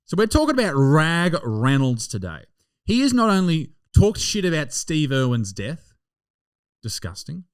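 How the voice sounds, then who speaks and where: A man's voice: on the high side, unhurried, smooth, no echo. A man with an Australian accent hosting a comedy podcast, joking and swearing in casual banter. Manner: profane, joking, animated. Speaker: podcast host.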